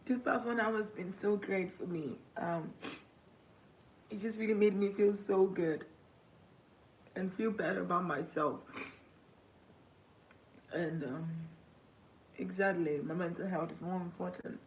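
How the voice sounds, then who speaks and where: A young woman talking to her viewers on a phone livestream, crying as she speaks, halting and grateful. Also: fairly low pitch, steady tone, slight background noise, poor audio.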